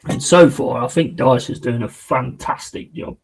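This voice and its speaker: A man hosts a live football watch-along, talking in a loose, slangy, excitable way and calling his viewers mate. His voice sits at a middle pitch for a man. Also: normal speed, gravelly, slightly rough, low-quality recording. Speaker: football fan streamer.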